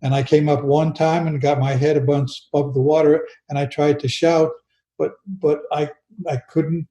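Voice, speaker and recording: An older man, a guest, recounts a personal story slowly and earnestly, often circling back and restarting. His voice is mellow and a touch high for a man, with flat delivery. The recording is muffled, with room echo and slight background noise.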